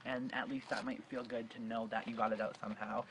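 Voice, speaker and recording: A man's voice: on the low side, level tone, fairly quick, a bit bright, a little hiss or hum, rough recording. A young man in his late teens speaking in an earnest, heartfelt way, with a stutter and frequent restarts. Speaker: vlogger. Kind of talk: personal advice vlog.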